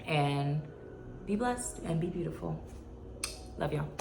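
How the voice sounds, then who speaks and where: A woman's voice: low-pitched, expressive, slow, vocal fry, roomy sound, background noise. A woman in her twenties talking earnestly to her viewers in a casual vlog, rambling and emotional. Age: 20s. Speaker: YouTuber. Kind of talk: heartfelt vlog talk.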